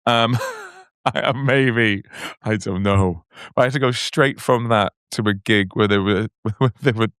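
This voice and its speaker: Wry, low-voiced male comedian co-host. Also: measured pace, fairly bright tone, clear, resonant tone, no echo, clean studio sound. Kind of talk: casual comedy chat.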